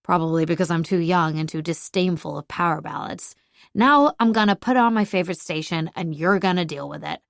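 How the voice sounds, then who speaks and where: A woman voicing a prickly, grumpy young man in an audiobook, gruff and defensive. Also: fairly low pitch, a little fast, no echo, studio quality. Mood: grumbling. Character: grumpy young man, prickly rival driving an old truck. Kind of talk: audiobook character voice.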